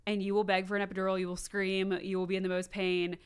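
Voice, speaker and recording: A young woman co-hosting a podcast, talking in a relaxed, candid casual chat. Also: mid-range voice, fast, clean tone. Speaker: podcast co-host.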